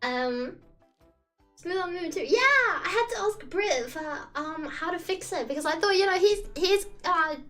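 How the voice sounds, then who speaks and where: A woman streamer chatting casually on a live stream, giggly and excitable, often repeating her greetings. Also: very high voice, moderate pace, soft background music.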